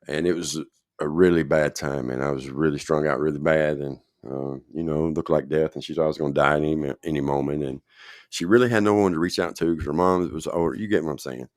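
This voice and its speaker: Host, man with an extremely low voice, rambling personal storytelling, dry close sound. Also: steady tone, a little fast, dry recording. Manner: rambling, checks in with the listener often. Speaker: podcast host telling his own story. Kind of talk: casual spoken storytelling.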